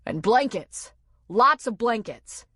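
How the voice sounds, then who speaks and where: A woman's voice: lowish voice, very animated, slow pace, breathy edge, no echo, clean studio sound, exaggerated voice. A woman voicing an urgent, commanding man who takes charge in an emergency. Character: urgent take-charge man giving first aid.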